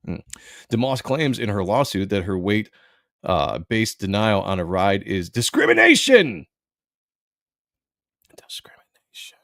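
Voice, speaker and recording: A man hosts a live stream in a blunt, sarcastic commentary style, stopping to read out viewers' comments. His voice is gravelly and swings widely in pitch. The sound is dry and close, with no room around it. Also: huge pitch swings, moderate pace, a bit bright, dry recording. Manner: blunt, sarcastic, reads chat aloud. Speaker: live show host.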